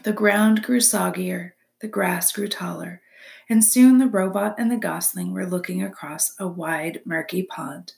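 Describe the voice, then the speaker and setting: A woman narrating a children's novel aloud with expressive storytelling. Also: lowish voice, measured pace, creaky.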